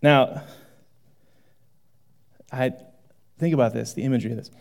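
A male pastor preaching a sermon in a conversational, animated way, moving between loud exclamations and hushed asides. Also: mid-range voice, moderate pace, vocal fry, long pauses.

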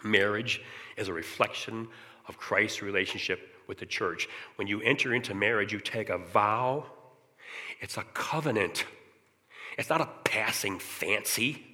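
A middle-aged man giving an earnest personal testimony in church, often clearing his throat as he talks. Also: on the low side, a little slow, bright, forceful tone. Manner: earnest, candid storytelling. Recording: long reverb of a large hall.

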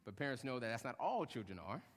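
A young adult male pastor preaching a sermon, lively, acting out short quotes and joking with the congregation. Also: mid-range voice, fast talker. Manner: animated, acts out short quotes, jokes with congregation. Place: church hall. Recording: long hall reverb.

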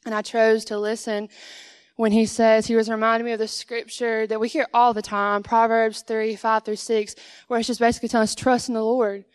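A woman's voice: a little high, flat delivery, brisk, clear, resonant tone, no echo. A young woman giving a conversational sermon as a guest speaker in church, acting out little dialogues with God. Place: church sanctuary.

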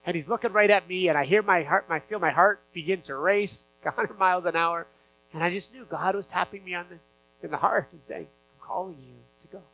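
A high-pitched man with a sharp, bright voice preaches a sermon, telling a personal story in an earnest, unpolished way. His sentences restart and stumble, full of small fillers. A faint electrical hum sits under the recording. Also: a little fast, rough recording. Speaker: pastor.

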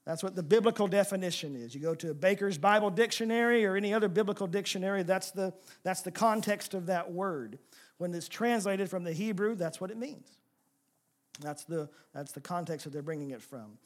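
A man preaching a sermon, asking rhetorical questions and moving between emphatic and soft passages. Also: high-pitched, moderate pace, pauses often. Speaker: pastor.

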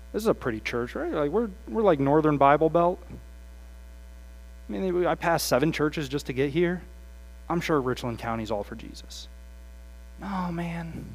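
Impassioned male preacher, slightly high voice. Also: rough recording. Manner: impassioned, swings from hushed to loud animated quoting. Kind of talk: sermon.

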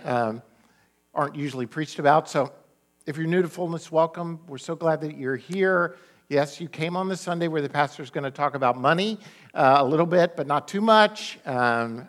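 Middle-aged man, pastor, sermon, chatty storytelling, frequent laughs, fairly high voice. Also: fairly bright tone.

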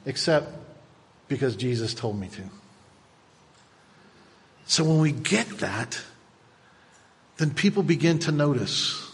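A pastor in his fifties preaching a sermon with animated delivery that builds to loud exclamations. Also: medium pitch, slow, pauses often, slightly rough, in a large hall. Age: 50s.

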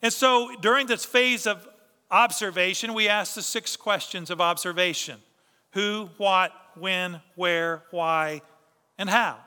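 A man's voice: high voice, slow, pushed and bright, smooth, in a large hall. A man preaching a sermon as pastor, pressing his points with rhetorical questions and repeated phrases.

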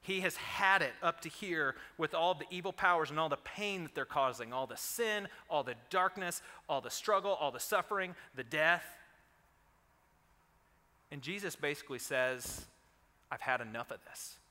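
Male pastor, 30s, slightly high, bright voice, animated sermon delivery, reverberant hall. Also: moderate pace. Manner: animated storytelling, rising loud on quoted commands.

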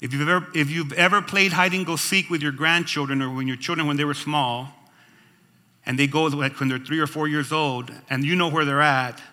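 A man's voice: fairly high pitch, a little fast, long reverb tail. A man preaching as pastor, reading scripture aloud and breaking in with comments and calls of "Amen?" to the congregation. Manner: expressive, asks the congregation "Amen?" and "right?". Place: church sanctuary.

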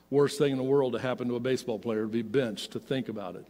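A man's voice: mid-range voice, quick pace, hardly any pauses. Storytelling man in a reverberant hall. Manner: animated storyteller, swings from loud to hushed. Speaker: pastor. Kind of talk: sermon storytelling.

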